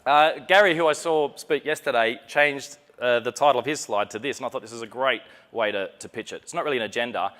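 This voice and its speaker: A man's voice: medium pitch, a little fast, few pauses, fairly bright tone. A man from Australia with an Australian accent, giving a chatty, joking, self-deprecating live conference talk on stage. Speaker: conference presenter. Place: conference session room.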